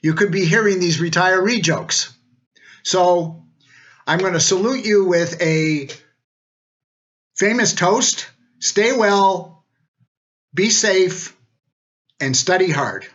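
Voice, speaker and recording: A man's voice: high voice, takes it slowly, pauses often, a bit bright, muffled recording. An older man, a retired law dean, giving a wry, joking recorded greeting.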